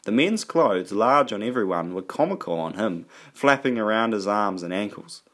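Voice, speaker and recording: A man reading an audiobook aloud in a steady, even storytelling manner. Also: fairly low pitch, moderate pace. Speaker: audiobook narrator. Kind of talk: audiobook narration.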